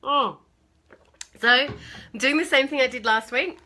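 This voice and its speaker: A woman's voice: sits high, a little slow, bright, forceful tone. A woman hosting a casual live stream from her phone, chatting with viewers by name and laughing often.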